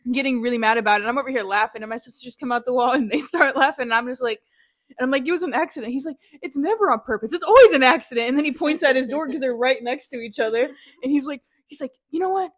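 A young woman telling a lively story in casual chat, laughing often and saying "like" a lot. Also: sits high, fast, no echo, studio quality. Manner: animated, laughing storyteller, lots of "like".

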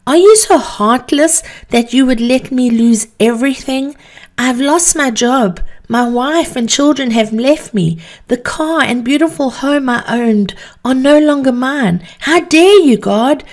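A broken, desperate man cries out to the heavens, his voice climbing high and loud as pleading turns to fury, played by a woman telling the story. He sounds anguished and worn down by loss. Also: measured pace, hardly any pauses. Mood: raging. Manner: anguished, pleading, rising to shouts. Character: desperate jobless man railing at God.

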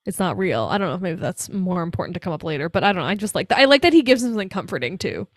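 A woman co-hosting a casual podcast, recapping a film in lively chat and acting out lines with laughs and swearing. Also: fairly low pitch, very fast, dry recording, clean studio sound. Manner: animated, swears, acts out quotes with laughs. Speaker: podcast co-host.

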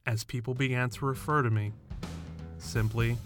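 Man, first-person narrator, scripted storytelling, blunt, swearing, sardonic, mid-pitched. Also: steady tone, normal speed, music in the background.

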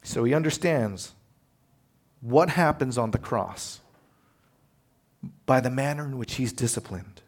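A man preaching a sermon as pastor, animated and conversational, acting out quotes as he tells stories. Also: mid-range voice, measured pace, long pauses. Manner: animated storytelling, acts out quotes.

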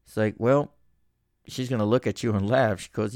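A man's voice: fairly low pitch, fairly even intonation, normal speed, a little mellow, no room sound, studio quality. A man hosting a podcast in casual chat, rambling and swearing freely. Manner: profane, rambling. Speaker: podcast host.

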